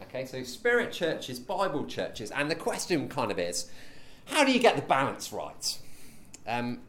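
A man's voice: medium pitch, huge pitch swings, a little slow, fairly bright tone. A man leading a teaching session as a preacher, conversational, with frequent ums and rhetorical questions.

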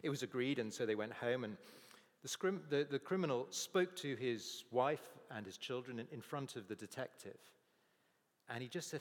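A man's voice: medium pitch, expressive, moderate pace. A man preaching a sermon, telling stories and acting out the people's voices in quotes. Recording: long reverb of a large hall.

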